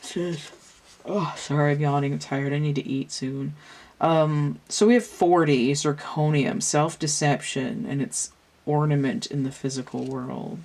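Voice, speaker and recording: A woman's voice: low-pitched, steady tone, measured pace, darkish tone. A young adult woman talking casually through a tarot reading, thinking aloud in a meandering way with restarts. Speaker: tarot reader.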